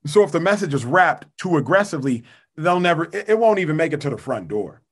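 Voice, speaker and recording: A young man guest on a podcast, making his case in a measured, earnest way with precise wording. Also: on the high side, sing-song, breathy edge. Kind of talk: casual debate.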